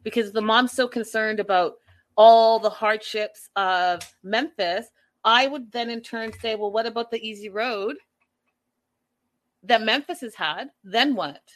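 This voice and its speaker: A young adult woman hosting a live stream, giving an animated, opinionated recap of a reality show with sassy asides. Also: fairly high pitch, unhurried.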